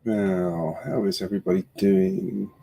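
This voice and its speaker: A man's voice: low-pitched, fairly even intonation, unhurried, vocal fry, warm tone, slight background noise. Chatty man live-streaming from home. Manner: chatty, rambling, self-deprecating asides. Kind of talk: casual live-stream chat. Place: home build room at a computer.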